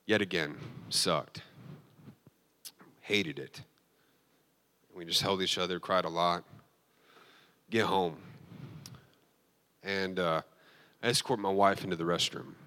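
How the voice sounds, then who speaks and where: A man's voice: deep voice, slow pace, long pauses, sharp tone. A man giving a sermon as a pastor, telling an emotional personal testimony with frequent restarts and fillers.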